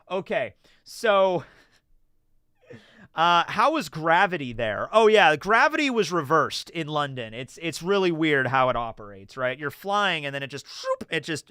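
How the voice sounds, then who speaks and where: Young american guy rambling on stream, kinda high bright voice, super dry close sound. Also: unhurried, clean tone, dry recording. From United States. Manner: rambling, animated storytelling with many fillers. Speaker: streamer reading chat questions. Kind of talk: casual livestream chat.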